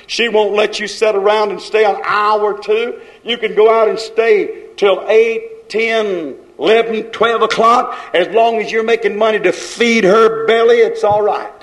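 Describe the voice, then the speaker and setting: High-pitched preacher scolding his flock. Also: measured pace, few pauses, poor audio. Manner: scolding, rhythmic repetition, folksy grammar. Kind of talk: fiery sermon.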